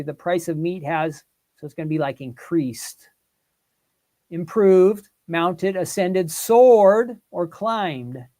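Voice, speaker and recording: A man's voice: sits high, darkish tone. A man hosting a livestream, thinking aloud through word quiz questions and asking viewers for their answers. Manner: thinks aloud, polls the chat. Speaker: livestream host. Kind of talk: casual live quiz chat with viewers.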